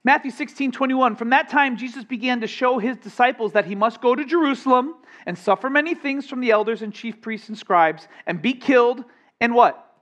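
A man preaching a sermon as pastor, animated and conversational, with asides and acted-out quotes. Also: extremely high pitch, a little fast.

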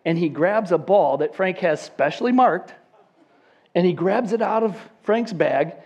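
A man in his fifties with a fairly high voice tells a story in a sermon, acting out each person in it. The recording is dull and lo-fi. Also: unhurried. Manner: animated storyteller who acts out the people in his story.

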